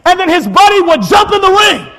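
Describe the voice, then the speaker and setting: A man preaching a sermon, energetic and often shouting, with frequent repeats and restarts. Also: extremely high pitch, brisk. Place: church sanctuary. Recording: long hall reverb, faint congregation.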